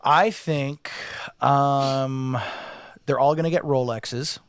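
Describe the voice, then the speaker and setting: A man's voice: medium pitch, steady tone, takes it slowly, clean tone. A man co-hosting a casual podcast, throwing in short wisecracks. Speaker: podcast co-host.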